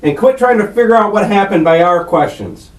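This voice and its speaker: A man with a high voice grilling a suspect in an interrogation room, swearing and pushing hard for a confession. The room is echoey and he sits well away from the recorder. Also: expressive, brisk. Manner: confrontational, swearing, accusing. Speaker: police detective interrogating a suspect. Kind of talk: police interrogation. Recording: echoey room picked up from far off.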